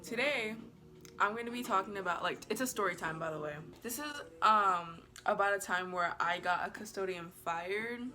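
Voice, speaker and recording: A woman's voice: medium pitch, normal speed, pushed and bright. A woman telling a casual storytime to camera in a chatty, rambling way, full of "like", giggling and bubbly. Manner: chatty and rambling, heavy use of "like"; bubbly and giggly, apologizes playfully. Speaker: vlogger.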